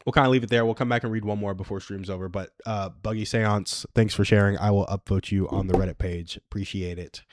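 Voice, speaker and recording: Low-voiced young man hosting a livestream. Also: fairly even intonation, a little fast, few pauses, no room sound, studio quality. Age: 20s. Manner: rambling and self-amused, chuckles at his own stories. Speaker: livestream host. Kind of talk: casual solo livestream chat.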